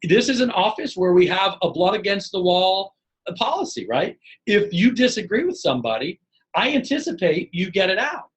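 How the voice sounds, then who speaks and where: Energetic middle-aged male leadership trainer, slightly higher voice, lively webinar delivery that slips into acted dialogue. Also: normal speed, low-quality recording. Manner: energetic, animated, acts out dialogue. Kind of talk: live webinar teaching.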